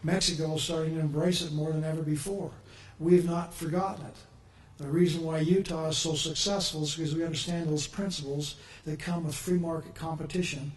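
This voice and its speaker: A man's voice: fairly high pitch, fairly even intonation, brisk, few pauses. A man giving an earnest, upbeat public speech as a governor at a press conference. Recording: echoey room, faint noise.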